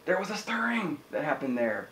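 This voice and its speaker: A man preaching a sermon in an energetic, conversational way, often asking the listeners "amen?". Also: on the high side, brisk, echoey room, slight background noise, low-quality recording. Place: house church room.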